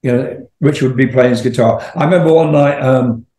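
An older rock singer, appearing as an interview guest, tells long, rambling stories full of laughter and swearing. His medium-pitched voice is warm and a little fast, and the sound is roomy.

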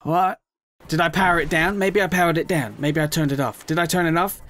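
A man giving chatty, emotional let's play commentary, often squealing up high in excitement. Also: a little fast.

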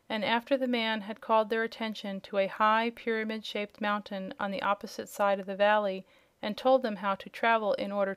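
Smooth-voiced woman reading a storybook. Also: mid-range voice, dry recording. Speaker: audiobook narrator. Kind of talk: storybook narration.

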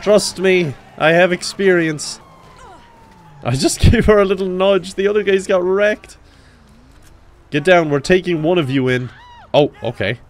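A young man giving comedic gameplay commentary, swinging from dry asides to sudden high-pitched yelps. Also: a little slow, pauses often. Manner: excitable, jumps into high yelps. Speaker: gaming YouTuber.

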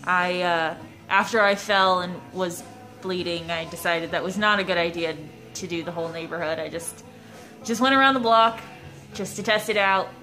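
A woman's voice: fairly low pitch, steady tone, moderate pace, pushed and bright, soft background music. A young woman vlogging at home, chatting casually in a rambling, self-mocking way. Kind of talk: casual vlog chat. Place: at home indoors.

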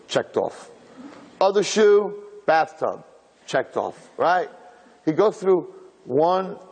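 A man, a rabbi, teaching a Torah class to a live audience as an animated storyteller who repeats words and climbs to shouts at the story's peak. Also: medium pitch, slightly rough. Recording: hall reverb.

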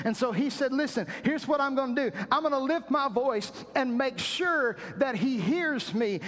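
A man's voice: extremely high pitch, a bit bright, big-room sound. A man preaching a sermon as pastor, dramatizing quotes with repeated, emphatic phrases. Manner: preaching with acted-out quotes and repetition.

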